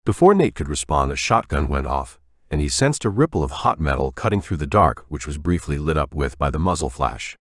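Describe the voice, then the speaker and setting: A man narrating an audiobook in a measured, even storytelling manner on a close studio mic. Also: a bass voice, dry recording. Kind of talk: scripted narration.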